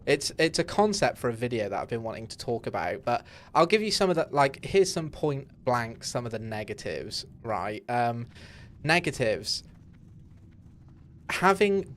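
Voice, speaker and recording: A man's voice: medium pitch, a bit bright, a little hiss or hum. A young man streaming a game from his home setup, talking in a candid, rambling way with many fillers and restarts. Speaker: gaming streamer. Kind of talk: casual live-stream chat while playing.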